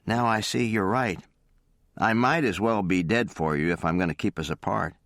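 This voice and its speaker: A man voicing a shy, earnest young sheriff in love who speaks softly for an audiobook. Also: on the low side, no echo, clean studio sound. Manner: soft, earnest and halting.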